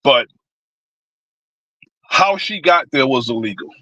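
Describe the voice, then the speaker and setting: A man talks politics on a stream in a blunt, rambling way and swears without pause. His voice is bright and forceful. The sound is dry and close. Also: mid-range voice, lively intonation, no echo, dull audio. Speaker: stream panelist. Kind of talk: casual political rant.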